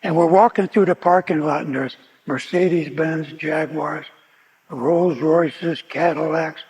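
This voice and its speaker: With a fairly high, fairly even voice, a man at a recovery meeting tells his story of recovery at a measured pace, frequently restarting and repeating words. His tone is a little mellow with a breathy edge, and the meeting hall gives it a long reverb.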